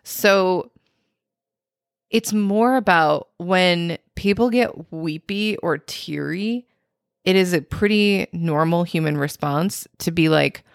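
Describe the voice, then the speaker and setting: A woman with a low, gravelly voice chats on a podcast with a blunt, teasing edge. She drags out her words at an easy pace. The sound is close and dry. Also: dry recording. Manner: blunt, teasing, drawn-out phrasing. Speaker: podcast co-host. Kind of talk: casual chat.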